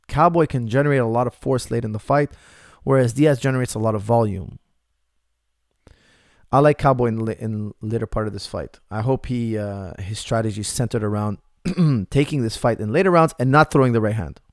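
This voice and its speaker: A man's voice: medium pitch, normal speed, darkish tone, dry recording, clean studio sound. A man, an MMA coach, answering viewer questions in a casual live chat, repeating points for emphasis.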